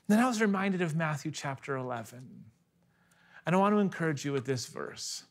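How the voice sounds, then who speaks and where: A man in his thirties preaching a sermon, telling personal stories in an earnest way, at times hushed and at times emphatic. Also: high voice, brisk. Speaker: pastor.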